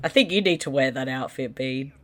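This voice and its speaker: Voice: medium pitch, a little fast, crowd noise. A co-host in a casual movie commentary chat, teasing the other host and laughing often. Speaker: podcast co-host.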